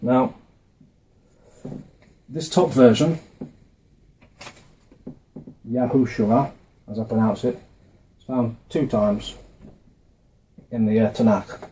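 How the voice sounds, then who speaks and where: Hesitant man with a mellow voice. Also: mid-range voice, slow pace, pauses often, a little hiss or hum, poor audio. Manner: hesitant, with frequent fillers and restarts. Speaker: video maker explaining a religious topic. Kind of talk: casual explanation from notes. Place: indoors, dim room. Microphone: camera mic, facing camera.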